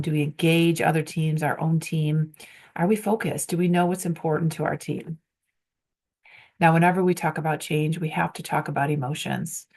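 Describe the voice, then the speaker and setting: A woman presenting on workplace change in a low, gravelly voice. She asks one rhetorical question after another, with plenty of ums between them. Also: darkish tone. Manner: poses strings of rhetorical questions with frequent ums. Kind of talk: conference presentation.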